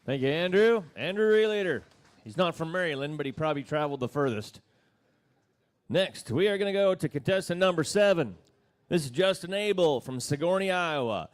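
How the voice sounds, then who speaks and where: A man's voice: a little high, expressive, brisk. A man announcing at a livestock auction contest, introducing each contestant by name and hometown.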